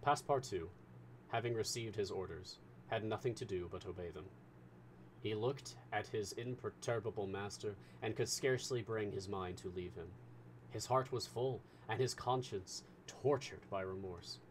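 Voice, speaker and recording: A man reading a classic novel aloud as a storyteller, with measured, expressive narration. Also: on the low side, slight background noise.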